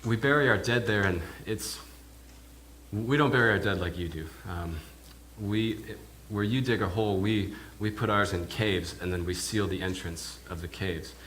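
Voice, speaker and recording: A minister playing a stammering village pig herder. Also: male voice, lowish voice, normal speed, a bit bright, slight background noise, natural voice. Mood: awed. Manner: hesitant, often repeats and restarts words. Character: adult male village pig herder, awed and talkative. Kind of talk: in-character first-person sermon monologue. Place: church.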